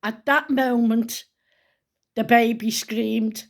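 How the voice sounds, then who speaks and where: An older woman tells a personal family story, close to tears and dropping into hushed whispers. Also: mid-range voice, steady tone, measured pace. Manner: hushed and tearful at times, drops to whispers. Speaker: grandmother telling a personal story. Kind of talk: emotional spoken storytelling.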